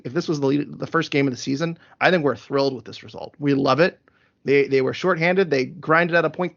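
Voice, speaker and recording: A podcast host with a creaky voice on the high side runs through numbers methodically on his casual sports show, using frequent fillers. The recording sounds dull and lo-fi.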